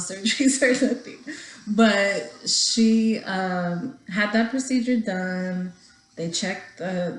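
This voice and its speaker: A woman's voice: medium pitch, reverberant, rough recording. A young woman talking casually to her viewers in a personal vlog, holding back tears as she rambles. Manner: emotional, talking through tears held back. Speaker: vlogger.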